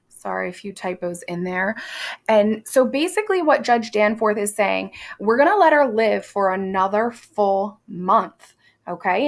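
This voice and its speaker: Woman teacher going over a play, chatty and quizzy, bit of vocal fry. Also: mid-range voice. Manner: conversational, with quick asides and quizzing questions; reads quoted lines aloud in a plain voice. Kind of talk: recorded classroom lesson walking through a play.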